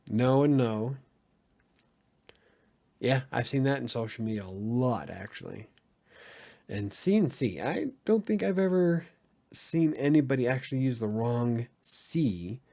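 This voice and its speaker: A man with a mid-range, mellow voice and vocal fry hosts and edits a casual live-stream podcast. He jokes around and laughs often while answering the chat.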